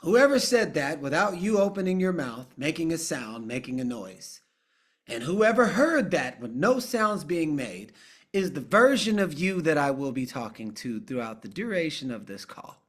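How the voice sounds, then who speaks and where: A middle-aged man talking casually on a live coaching call, guiding listeners through a quiet exercise. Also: fairly high pitch, very animated, moderate pace. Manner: conversational, drifting into hushed guided prompts. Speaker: coach and trainer.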